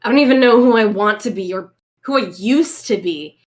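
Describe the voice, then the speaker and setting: A woman voicing an unsure young woman searching for who she is, who speaks hesitantly and with pauses. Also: medium pitch, lightly acted.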